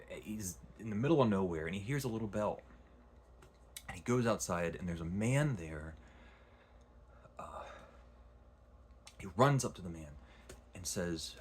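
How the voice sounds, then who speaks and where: A man's voice: deep voice, slight background noise. A man casually retelling and reviewing a long novel, rambling with frequent restarts. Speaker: book reviewer. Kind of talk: casual book review vlog.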